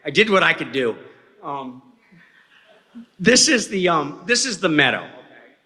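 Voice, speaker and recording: A man's voice: fairly high pitch, sing-song, unhurried, pushed and bright, slightly rough. A man telling a story to a live audience in a folksy, rambling way, often checking in with "okay?". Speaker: eyewitness speaker at a talk. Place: hall before an audience. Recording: reverberant hall sound.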